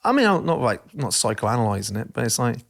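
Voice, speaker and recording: A man hosting a podcast in casual chat, talking in an animated, passionate way. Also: medium pitch, fast talker, creaky. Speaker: podcast host.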